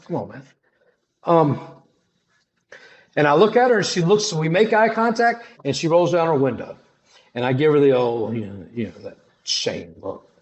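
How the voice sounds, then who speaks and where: A middle-aged man tells his personal testimony in loose, slangy everyday speech, animated and dramatic. His voice sits a little high and swings widely up and down as he plays out each moment.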